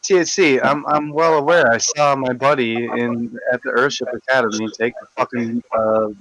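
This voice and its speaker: Mid-pitched man, excitable and laughing, stammers through restarts, dry close sound. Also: moderate pace, dry recording, rough recording. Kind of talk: casual group call chat.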